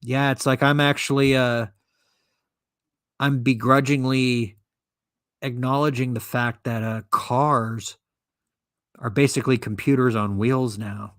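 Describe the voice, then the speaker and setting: A man's voice: medium pitch, fairly even intonation, measured pace, pauses often, dry recording, studio quality. A man hosting a podcast and ranting alone, sarcastic, profane and indignant as he reads from and mocks an article. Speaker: podcast host. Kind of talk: solo commentary rant.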